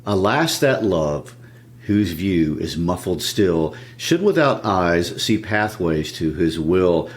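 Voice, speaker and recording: A man voicing a lovesick young nobleman brooding over unrequited love, reading verse in a measured way. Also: low-pitched, very animated, full character voice.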